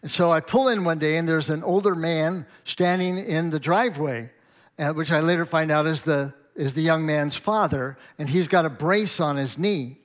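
A man's voice: a little high, normal speed. Man preaching a folksy sermon story. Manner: conversational, anecdotal, with chuckles and quoted dialogue. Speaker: pastor.

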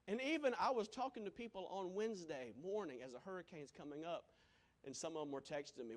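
Man, preacher, sermon, high voice, loud then hushed, dramatic delivery. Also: moderate pace. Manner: swings from loud preaching to hushed near-whisper.

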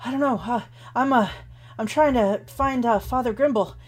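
A man's voice: very high-pitched, moderate pace, pitched above the performer's own voice. A woman voicing a frightened young male temple acolyte who stammers in a shaky voice. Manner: stammering, panicked rush of words.

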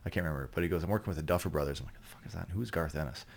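Low-pitched man, podcast guest, loose and profane, keeps restarting his sentences. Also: very fast, slight background noise. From Canada. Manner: profane, rambling, with many restarts. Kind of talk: casual storytelling chat.

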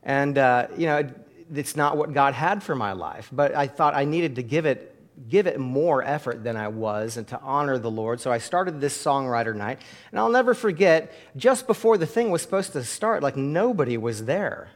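A middle-aged man preaching a sermon as pastor, chatty and full of fillers in his stories, then building to loud, high calls for the congregation to pray along. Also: expressive, moderate pace. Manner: conversational storytelling with many fillers.

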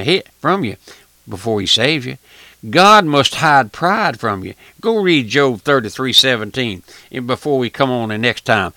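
A man preaching an impassioned radio sermon, folksy and repetitive, swinging from shouted warnings to hushed asides. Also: medium pitch, no room sound.

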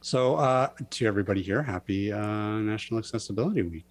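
A man's voice: on the low side, expressive, fast. A man hosting a podcast, playful and teasing in casual banter with his co-hosts. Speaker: podcast host.

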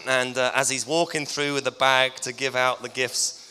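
A middle-aged pastor speaks in a chatty, gently teasing way from the front of a church. His voice is bright and crisp, and it rings out with a long reverb through the hall. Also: mid-range voice, little pitch movement, normal speed. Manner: warm-hearted, teasing, conversational preaching. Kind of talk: farewell tribute in a sermon.

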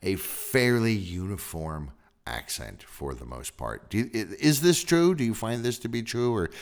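A man's voice: lowish voice, big pitch swings, moderate pace. A male podcast host from the United States, chatting casually and reading out notes to quiz his guest. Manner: curious, reads out notes and quizzes the guest. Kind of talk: casual chat. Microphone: remote call recording.

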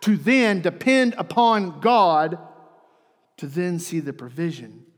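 High-voiced preacher in a reverberant hall. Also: male voice, takes it slowly. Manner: swings between soft hushed passages and lively, raised mock dialogue. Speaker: pastor. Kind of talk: sermon. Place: church sanctuary. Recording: long reverb of a church hall.

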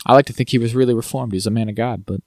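A man co-hosting a podcast, rambling through a TV recap and slipping into quick mock quotes of the characters. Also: mid-range voice, steady tone, darkish tone, dry recording, studio quality. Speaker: podcast co-host. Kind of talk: casual chat recapping TV.

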